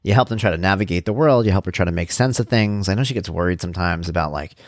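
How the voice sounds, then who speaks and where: A man's voice: low voice, fast, dry recording, studio quality. A man hosting a show, talking casually and rambling about parenting and his blog. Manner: conversational, rambling, self-deprecating. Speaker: podcast host and parenting blogger. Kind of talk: casual monologue.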